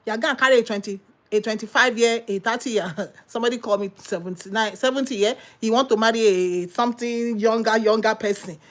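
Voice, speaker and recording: A woman's voice: on the high side, brisk, few pauses. A woman preaching an impassioned sermon, full of exclamations and rhetorical questions. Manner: animated, exclamatory, rhetorical questions and sudden laughs.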